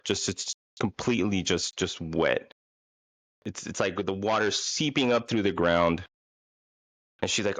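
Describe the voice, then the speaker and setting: A man's voice: sits low, a bit bright, dry recording. A man telling a casual, rambling, self-deprecating story about a bad date, full of fillers and restarts.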